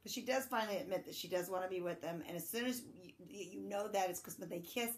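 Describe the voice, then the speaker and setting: A woman's voice: mid-range voice, quick pace, noisy background. A middle-aged woman, the host's mother, chiming in with dry joking asides in casual chat. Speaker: vlogger's mother, co-viewer.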